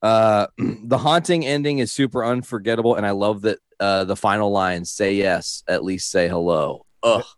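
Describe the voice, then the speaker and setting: A man's voice: fairly low pitch, moderate pace, hardly any pauses, no room sound, studio quality. A man giving enthusiastic opinions on a song in a casual podcast chat. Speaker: podcast co-host.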